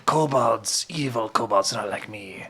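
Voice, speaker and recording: A man's voice: lowish voice, a little slow, bright, forceful tone, husky, heavily acted. A man voicing an eager, friendly kobold in a tabletop game, with earnest broken phrasing. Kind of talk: tabletop role-play voice.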